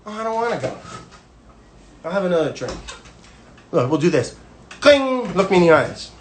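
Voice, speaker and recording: A man's voice: on the high side, very animated, fairly quick, a little hiss or hum. A man hosting a casual livestream from home, rambling with restless energy and jumping between topics. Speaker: cooking video host. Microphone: phone livestream.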